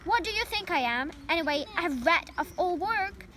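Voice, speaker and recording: A woman's voice: extremely high pitch, expressive, normal speed, pushed and bright, heavily acted. A young woman voicing a lazy, sarcastic male rat who grumbles and mocks in disgust, reading a storybook aloud.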